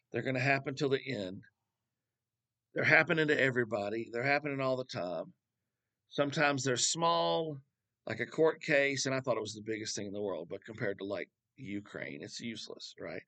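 A man of middle pitch teaching from scripture in a loose, chatty way. He wanders into asides and throws out rhetorical questions as he talks. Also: fairly bright tone. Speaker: Bible teacher. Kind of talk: casual Bible teaching.

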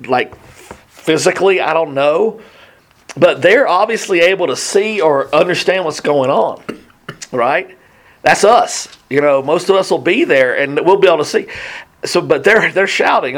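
A man leading a casual Bible study, reading passages aloud and explaining them with enthusiasm. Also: fairly high pitch. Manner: enthusiastic, reads scripture aloud then comments. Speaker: Bible teacher.

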